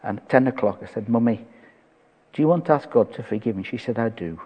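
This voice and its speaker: A man's voice: mid-range voice, animated, fast talker, dark tone, slightly rough. An older man, preaching a sermon and telling stories with quoted dialogue. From England. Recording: dull echoey hall.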